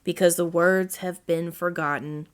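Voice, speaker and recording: A woman voicing a fussy, excitable male owl as she reads a children's storybook aloud. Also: measured pace, clean tone, natural voice. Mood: mournful. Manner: high, fretful storybook voice.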